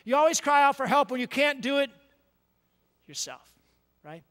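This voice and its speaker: A male pastor preaching a conversational sermon, repeating words and checking in with "right?", moving between quiet and loud emphatic passages. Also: extremely high pitch, big pitch swings, moderate pace, pauses often, long reverb tail. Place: church sanctuary.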